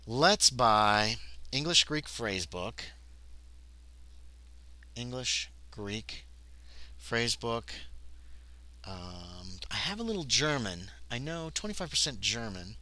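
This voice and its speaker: This solo tabletop streamer reads the game's text aloud, then drifts into casual chat with viewers and himself. His mid-range voice is sing-song and slow, pausing often, bright and forceful.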